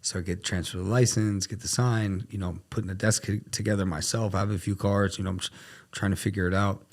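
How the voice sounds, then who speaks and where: A man talking as a podcast guest in casual storytelling, animated and acting out the dialogue he quotes. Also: on the low side, fast. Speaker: podcast guest, luxury car dealer.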